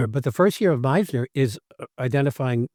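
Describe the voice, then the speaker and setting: Guy cohosting a podcast, lively storyteller acting out quotes, mid pitch, dry close sound. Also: normal speed, no room sound. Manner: animated storyteller who acts out quoted lines. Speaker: podcast co-host, acting teacher. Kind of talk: casual conversation.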